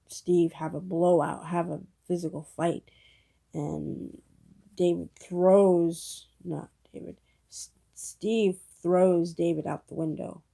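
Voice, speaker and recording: Woman rambling thru a movie plot recap, gravelly low voice, lots of ums. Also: dark tone. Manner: rambling plot retelling with many fillers. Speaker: movie reviewer. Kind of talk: casual spoken movie review.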